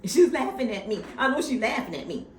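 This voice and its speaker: A woman hosting a casual TV recap chat, telling the story in an animated, gossipy way. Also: a little high, fast. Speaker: podcast host. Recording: echoey room with faint noise.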